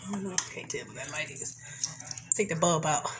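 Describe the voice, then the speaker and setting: A woman's voice: deep voice, a little fast, background noise. A woman chatting casually with live viewers as she preps juice at home. She is a little congested, laughs often, and talks loose and candid with some mild swearing. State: mildly congested. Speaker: vlog host greeting live viewers. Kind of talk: casual live chat while cooking.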